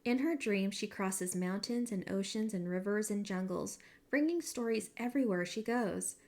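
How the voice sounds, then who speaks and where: A woman teacher reading a picture book aloud to a class, with expressive storytelling and pointers to the illustrations. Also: mid-range voice, moderate pace.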